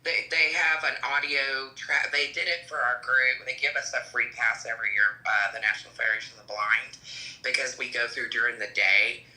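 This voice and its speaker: A man's voice: mid-range voice, steady tone, brisk, bright, forceful tone, roomy sound, rough recording. A man in a casual group call, telling a long story and correcting himself as he goes. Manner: rambling, self-correcting storyteller. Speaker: group member.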